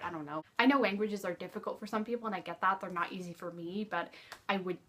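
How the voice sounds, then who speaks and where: Chatty woman vlogger, bright voice, rambling at home. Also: medium pitch, quick pace. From Canada. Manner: chatty, rambling, full of fillers and laughs. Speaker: book vlogger. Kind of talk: casual book discussion to camera.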